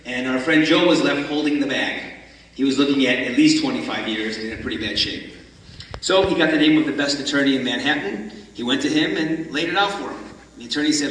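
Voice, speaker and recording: Guy telling a story at a conference, lively, really echoey hall, mic kinda far off. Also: fairly high pitch, brisk. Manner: animated storyteller, acts out the characters. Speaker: speaker at a religious conference. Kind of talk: storytelling talk.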